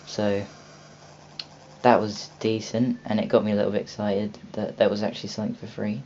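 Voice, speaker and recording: Casual young man, low voice. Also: flat delivery, normal speed, a little mellow. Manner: rambling, many ums and restarts. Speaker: video host reviewing a game store. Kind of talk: casual video walkthrough. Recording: dull lo-fi home recording with faint hiss.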